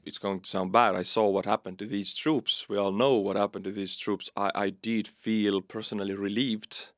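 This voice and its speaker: A man's voice: fairly low pitch, fairly even intonation, normal speed, dry recording, clean studio sound. A man with an Estonian accent hosting a podcast, asking questions in a friendly, direct way with personal asides. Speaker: podcast host. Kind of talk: casual interview hosting.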